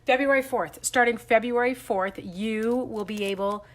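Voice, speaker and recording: A woman's voice: fairly high pitch, moderate pace. A Canadian woman hosting a live craft stream from home, chatting and giggling at herself as she stamps and colors and greets viewers by name.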